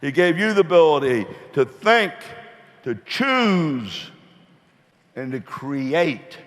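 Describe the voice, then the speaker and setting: A middle-aged man talks from the stage in a rambling, folksy way that turns earnest and motivational. His voice sits a touch high for a man. A long reverb from a large hall carries each phrase. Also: big pitch swings, slow. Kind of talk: motivational speech with folksy joke.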